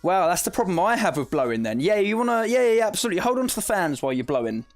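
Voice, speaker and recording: Male streamer, Essex accent, chatty and animated, laughs easily. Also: sits high, very fast, faint music behind. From south of England. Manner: chatty, reads chat aloud, laughs often. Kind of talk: live-stream tutorial chat.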